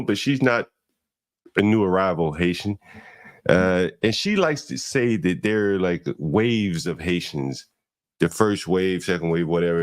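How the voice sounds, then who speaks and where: A man's voice: low voice, dry recording, clean studio sound. A man hosting a casual livestream panel, drawling his words at times. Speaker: livestream host.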